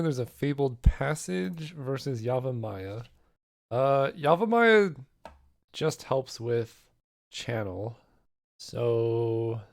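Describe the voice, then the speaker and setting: A man talks through his choices in a loose, rambling way, stopping to weigh each option out loud. His voice is hoarse and half gone, and the delivery stays casual and conversational at an ordinary pitch. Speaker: card game content creator. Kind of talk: casual thinking-aloud draft commentary.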